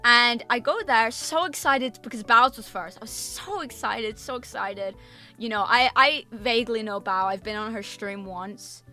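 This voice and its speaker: A woman streamer telling a story in a casual chat, animated and emphatic, swearing freely and repeating herself. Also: on the high side, a little slow, faint music behind. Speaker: VTuber streamer.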